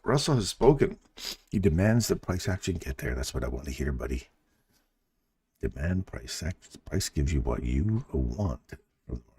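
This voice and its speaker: A man with a very deep, dark voice, still groggy from just waking up, hosts a casual live trading stream. He muses out loud and throws questions to his viewers. His voice is husky and sits close in a dry room, with mouse clicks now and then. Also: moderate pace, no echo. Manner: relaxed, musing, chats to viewers. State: groggy morning voice.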